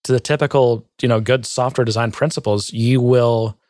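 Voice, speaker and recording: A man co-hosting a podcast, chatting casually and jokingly about software design. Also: medium pitch, steady tone, moderate pace, no echo. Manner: easygoing, agreeing, joking. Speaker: podcast co-host. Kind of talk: casual tech chat.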